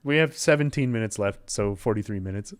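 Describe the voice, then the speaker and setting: A man's voice: lowish voice, a little fast, no room sound, clean studio sound. A man hosting an art stream, chatting casually and jokingly while drawing, laughing often. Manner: giggly, lively, jokey.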